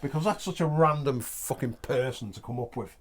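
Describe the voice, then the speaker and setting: A man, co-hosting a comedy podcast and tossing in quick jokes. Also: medium pitch. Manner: joking, quick interjections. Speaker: podcast co-host. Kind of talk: casual banter.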